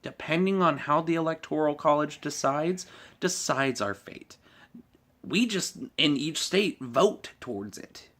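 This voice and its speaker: A man's voice: a little high, expressive, a little slow, a bit bright. A man vlogging a heated, profane political rant, swearing often and laughing at his own jokes.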